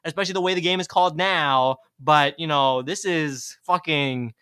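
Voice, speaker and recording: A man's voice: on the high side, normal speed, pushed and bright, smooth, no room sound, clean studio sound. A man co-hosting a casual podcast, blunt and profane, laughing often. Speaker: podcast co-host.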